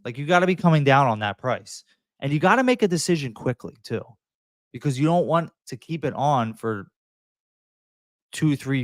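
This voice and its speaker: A man talks straight to camera like a real estate agent coaching sellers. His delivery is emphatic and conversational, with quick acted-out asides. The sound is dry and close, with no room around it. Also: medium pitch, dry recording. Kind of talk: direct-to-camera advice talk.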